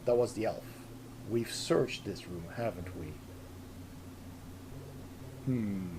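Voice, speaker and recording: A man's voice: lowish voice, slow, background noise. A man with a Dutch accent, a native Dutch speaker from the Netherlands, chatting casually and laughing often while he streams a board game. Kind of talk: casual gaming stream chat.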